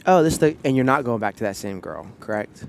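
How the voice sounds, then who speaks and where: A man's voice: medium pitch, sing-song, quick pace, creaky, a little hiss or hum. A man hosting a podcast in casual chat, playful and teasing. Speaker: podcast host.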